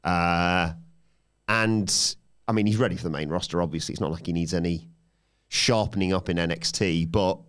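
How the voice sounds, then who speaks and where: A man with a British accent hosting a casual wrestling podcast, joking and rattling quickly through the show's plugs. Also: low-pitched, steady tone, fairly bright tone, clean tone. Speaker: podcast host.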